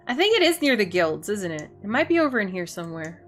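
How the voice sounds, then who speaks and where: A woman's voice: medium pitch, big pitch swings, quick pace, soft background music. A woman streaming a video game, chatting playfully and a bit silly with her viewers as she plays. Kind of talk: casual gaming stream chat.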